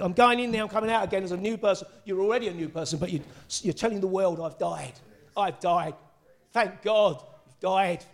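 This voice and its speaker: A middle-aged man preaching a sermon, excitable and breaking into shouts and exclamations. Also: high-pitched.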